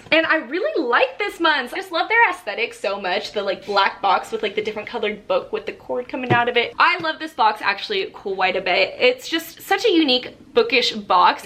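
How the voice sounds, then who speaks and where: A young woman chatting excitedly as she unboxes a book subscription box in a casual vlog. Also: a little high. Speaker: book vlogger.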